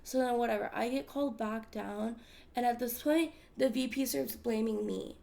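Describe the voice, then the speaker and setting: An American woman hosts a podcast, telling a personal story candidly and emphatically while swearing freely. Her voice sits on the high side, gravelly yet mellow, at a moderate pace, in a casual storytelling chat.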